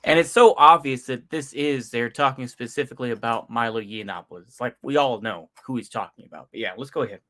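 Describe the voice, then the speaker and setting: A man's voice: mid-range voice, fast talker, hardly any pauses, a bit bright. A man talking through a video in loose, slangy commentary, with a voice sitting in an ordinary middle register. He rambles with plenty of fillers, sighing and chuckling to himself as he goes. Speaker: YouTube commentator. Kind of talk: casual reaction commentary.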